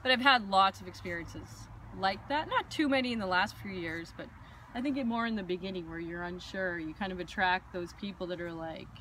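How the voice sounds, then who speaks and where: A woman hosts a casual conversation, telling stories in an animated way and acting out the lines of the people in them. Her pitch sits in the middle range for a woman, and a faint noise runs under the recording. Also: brisk. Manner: animated storytelling with acted-out quotes. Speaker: host. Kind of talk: casual chat.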